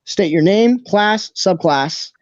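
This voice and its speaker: Brief: gruff halfling official, played by a man, clipped demands, raised pitch, dry muffled sound. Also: expressive, slow, darkish tone, dry recording. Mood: curt. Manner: clipped, bureaucratic questioning. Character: gruff male halfling ticketmaster, curt and officious.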